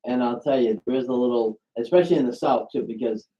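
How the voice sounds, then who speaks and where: A man with a Boston accent co-hosts in casual chat, halting and telling anecdotes. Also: medium pitch, dark tone, lo-fi sound. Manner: halting, tells anecdotes with quoted voices. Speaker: show co-host.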